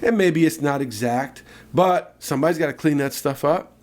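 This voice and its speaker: A man with a fairly high voice tells a story on a casual podcast. He talks in an animated way, full of lively asides. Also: normal speed. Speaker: podcast co-host.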